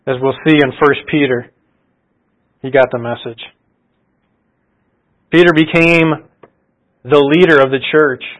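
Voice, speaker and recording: A man's voice: mid-range voice, fairly even intonation, unhurried, long pauses, dull audio. A man preaching a sermon, retelling scripture in a conversational storytelling way and asking rhetorical questions.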